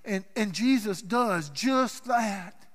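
A male pastor delivers a sermon in a church sanctuary, his voice high and bright. He tells the story slowly and theatrically, rising to loud cries and dropping to near hushes. A long reverb trails behind every phrase. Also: animated.

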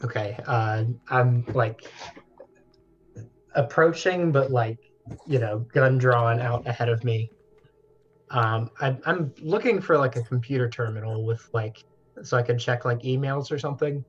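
A man's voice: mid-range voice, unhurried. Guy playing a tabletop game, hesitant, um and like everywhere, kinda muffled audio. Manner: hesitant, full of "like" and "um". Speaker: player. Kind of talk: casual tabletop game play.

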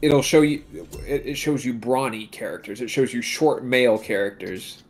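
A young man co-hosting a let's-play, explaining in a halting, casual way with many fillers. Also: mid-range voice, faint music behind. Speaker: co-host.

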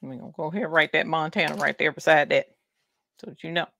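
A woman's voice: low-pitched, fairly even intonation, fast talker, creaky, bright, forceful tone, dry recording. A woman with a Southern US country accent, chatting folksily while hosting a craft livestream. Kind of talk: casual livestream chat.

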